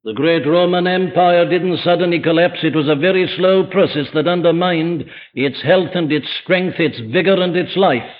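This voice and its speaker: Male preacher, fairly high voice, urgent rhetorical questions, dull old church recording. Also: normal speed, few pauses. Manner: emphatic, full of rhetorical questions. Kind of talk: evening sermon. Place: church before a congregation. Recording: dull lo-fi archive sermon recording.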